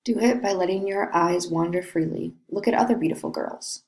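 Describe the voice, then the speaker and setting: A woman's voice: lowish voice, normal speed, a little mellow, lightly acted. A woman reading the part of an earnest young man who coaxes and questions his cousin. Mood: coaxing. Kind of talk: reading a play aloud.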